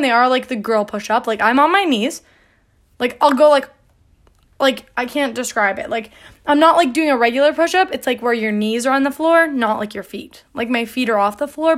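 A young woman chats on her own podcast in a rambling, filler-heavy way and sounds slightly out of breath. Her voice sits a bit high for a woman. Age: young adult. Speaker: podcast host. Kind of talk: casual chat.

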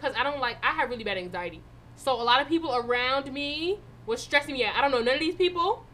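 Bright-voiced young woman telling a story. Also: sits high, quick pace. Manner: animated, swearing, loud in retold moments. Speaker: podcast co-host. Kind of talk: casual storytelling chat.

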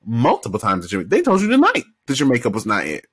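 A man's voice: medium pitch, wildly swooping pitch, quick pace, a bit bright, breathy edge. A man co-hosting a podcast, talking casually and emphatically, retelling scenes and voicing the people he quotes. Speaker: podcast co-host. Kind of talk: casual chat.

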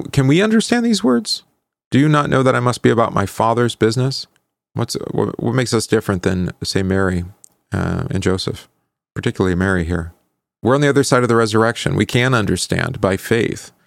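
A man leads a Bible study lesson with a low, gravelly voice. He talks in a conversational, questioning way, tagging his points with "right?" and stumbling over fillers as he recalls verses. The sound is dry and close, with no room around it. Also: no room sound. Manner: halting, with many fillers while recalling verses. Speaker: pastor teaching a Bible class.

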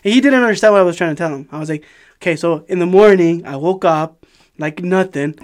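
A man, casually telling an animated, profanity-laden story on a podcast and laughing as he goes. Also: sits high, fast. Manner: animated, swears a lot, laughs while telling. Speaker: podcast host.

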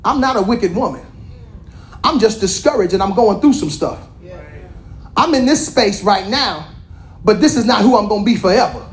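A woman's voice: medium pitch, animated, normal speed, long pauses, a little hiss or hum, voice pushed down, lightly acted. A woman preacher voicing an anguished woman who pleads with God over and over in prayer. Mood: weary. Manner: pleading, repetitive appeals.

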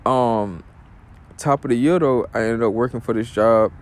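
In a casual solo episode of his podcast, a male host rambles loosely, leaning hard on slang and fillers. He has a mid-range voice and moves at a moderate pace.

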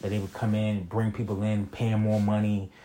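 Young man, low-ish voice, casual vlog storytelling, slangy, rambling. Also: monotone, fairly quick, dark tone, a little hiss or hum. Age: young adult. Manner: slangy, rambling, frequent "you feel me" and restarts. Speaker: vlogger telling a personal story.

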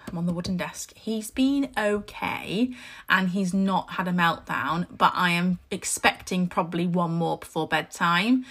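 A woman's voice: fairly low pitch, bright, forceful tone. A woman, hosting a casual podcast and telling candid stories that are often broken up by laughter. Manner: chatty, candid storytelling with frequent laughs. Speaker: podcast host.

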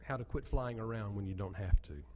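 A man's voice: fairly low pitch, fairly quick, warm tone, in a large hall, slight background noise. A man preaching an earnest sermon as pastor, building to emphatic peaks.

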